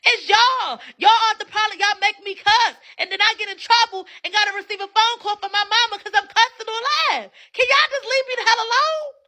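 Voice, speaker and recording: High bright brash livestream host woman. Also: fairly quick, few pauses. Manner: brash, hypes viewers for gifts, frequent cussing. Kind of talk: casual livestream chat. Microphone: phone.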